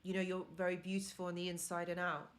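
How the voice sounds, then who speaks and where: A woman's voice: lowish voice, completely flat delivery, fast. A woman with an accent hosting a live stream, talking earnestly and encouragingly straight to her viewers. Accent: non-native accent of English. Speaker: live-stream host and relationship mentor.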